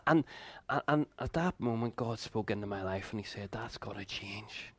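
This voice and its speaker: A man in his fifties preaching a sermon, telling a personal story in an earnest way with quick laughs and asides. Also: fairly low pitch, expressive, a bit bright.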